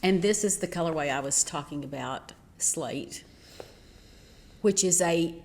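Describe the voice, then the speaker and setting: Low-voiced woman, hesitant and self-deprecating. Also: a little slow, a little mellow, slight background noise. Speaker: yarn shop co-host. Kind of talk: casual chat. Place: yarn shop.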